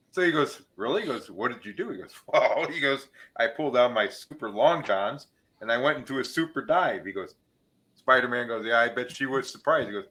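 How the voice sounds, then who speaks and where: A man hosts a casual talk show, his voice bright and forward. He tells jokes with animated shifts between the characters' voices. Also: normal speed. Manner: animated joke-teller, changes pitch for each character. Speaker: podcast host. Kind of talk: casual chat, telling jokes.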